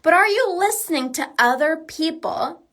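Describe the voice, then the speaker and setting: A woman's voice: extremely high pitch, expressive, normal speed, a bit bright. A woman coach talking alone on a podcast, earnest and emphatic, casual with lots of "like"s. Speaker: binge eating coach. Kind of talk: solo podcast monologue.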